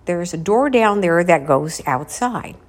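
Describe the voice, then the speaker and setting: A woman telling a spooky story casually while out walking, dropping to a hushed whisper at the tense parts. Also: on the low side, animated, unhurried. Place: outdoors, walking.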